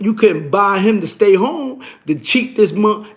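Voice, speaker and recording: High-pitched new guy on a livestream, slangy and swearing a lot, talks casual to chat. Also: measured pace, creaky, few pauses. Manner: animated, swearing, slangy street talk. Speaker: livestream host.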